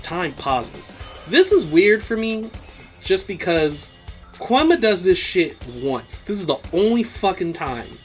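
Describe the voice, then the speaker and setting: A man hosts a podcast and recaps an anime episode in a loose, chatty way, swearing freely and laughing often. His voice sits on the higher side for a man. Faint music plays behind him. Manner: profane, animated, laughs often. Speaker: podcast host.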